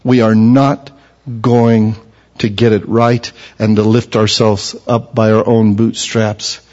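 A man preaching a sermon who swings from low, quiet explanation to loud, impassioned passages. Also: little pitch movement, slow, highs cut off. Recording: long hall reverb.

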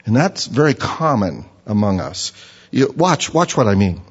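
A man preaching a sermon in a lively, conversational way, reading scripture and mimicking other people for effect. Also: fairly low pitch, a little slow, husky. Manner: animated, mocking voices of others. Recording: dull reverberant hall.

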